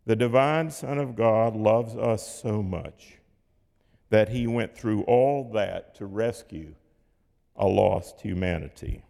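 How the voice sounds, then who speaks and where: A man preaching a sermon in a measured, rhetorical way, with dramatic pauses and dips in volume. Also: fairly low pitch, gravelly, warm tone. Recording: long hall reverb.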